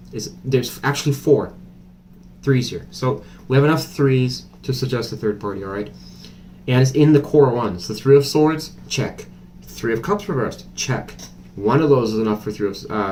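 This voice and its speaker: A man giving a casual tarot reading, chatty and blunt, with a mid-range voice. He thinks out loud and fills gaps with hesitations. A faint hiss sits under the recording. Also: medium pitch. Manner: chatty, blunt, thinks aloud with many fillers. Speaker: tarot reader.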